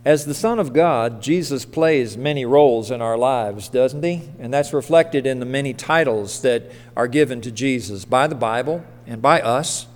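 A pastor delivers a sermon in a church sanctuary, speaking conversationally and putting questions to the congregation. His male voice is mid-range, at normal speed with few pauses, and the hall adds a long reverb.

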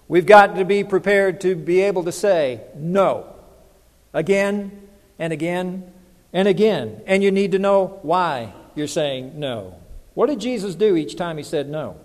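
Guy preaching, pretty high voice, chatty, keeps asking the crowd stuff, big echoey hall. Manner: conversational, asks the congregation questions. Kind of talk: sermon.

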